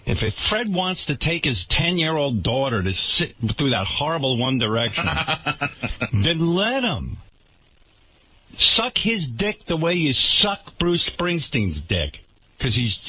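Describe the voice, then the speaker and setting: Husky-voiced man ranting on radio. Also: a little high, bright, forceful tone. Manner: indignant, sarcastic ranting. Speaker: radio show host. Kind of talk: radio talk show rant.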